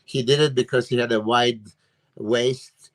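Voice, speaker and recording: He speaks a little slowly, with a steady, fairly bright, medium-pitched tone. A native Serbian speaker, this bodybuilding coach and guest analyst gives his takes in a casual podcast chat over video call, emphatic and filler-laden.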